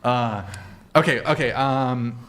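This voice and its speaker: A man hosting a dating debate show, firing quick teasing questions at guests. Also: mid-range voice, fairly bright tone. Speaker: host.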